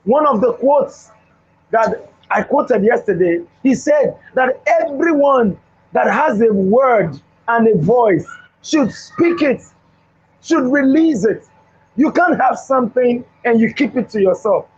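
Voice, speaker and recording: A man's voice: extremely high pitch, expressive, slow, slightly rough. A male host giving a motivational talk with a Bible story, preacherly and repeating phrases for emphasis, in a studio. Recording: dull lo-fi recording.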